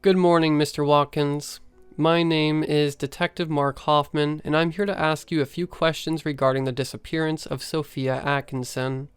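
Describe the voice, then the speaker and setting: A man's voice: on the high side, little pitch movement, moderate pace, clean tone, no echo, soft background music, natural voice. A man voicing a stern middle-aged police detective in a horror story reading, firm and formal.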